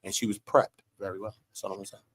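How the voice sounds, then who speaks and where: A man's voice: on the low side, level tone, fast, fairly bright tone, slightly rough. A man on a panel who talks in street slang and acts out what people say. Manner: street talk, acts out quotes. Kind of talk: live panel discussion.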